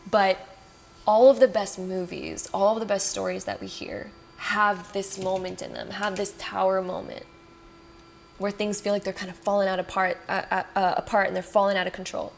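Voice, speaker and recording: A woman with a mid-range, vocal-fry voice gives viewers a casual pick-a-card tarot reading, talking fast and excitedly while reassuring them. Her speech is packed with "like" and "you know," and there's a slight hiss or hum in the background.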